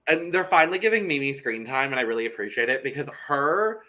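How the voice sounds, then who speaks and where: A young man co-hosts a podcast in casual chat, talking loosely with some swearing and repeated words. His mid-range voice is sing-song, sharp, and quick.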